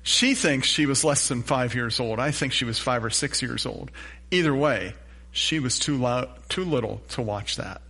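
A man's voice: mid-range voice, normal speed, gravelly, pushed and bright, slightly rough. A middle-aged man preaching a sermon as pastor, telling a self-deprecating story and asking the congregation questions.

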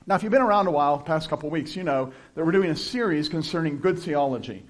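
A man's voice: on the high side, animated, quick pace. Conversational man preaching a sermon. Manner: conversational, chuckling asides, reads scripture aloud. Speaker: pastor.

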